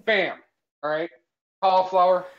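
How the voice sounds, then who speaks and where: A man's voice: high-pitched, fairly even intonation, a little slow. Mock-serious man holding forth. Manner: mock-authoritative, keeps tagging lines with "all right?". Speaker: cooking show co-host. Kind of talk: jokey live cooking stream chat. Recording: slightly dull lo-fi stream audio.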